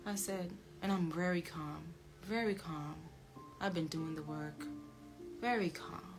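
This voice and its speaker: A woman with a slightly low voice tells a personal story in a loose, emphatic rant, repeating her points and cursing freely. She slips into acting out both sides of the conversations. Music plays clearly underneath her voice throughout. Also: a little slow. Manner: emphatic and repetitive, swears freely. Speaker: show host telling a personal story.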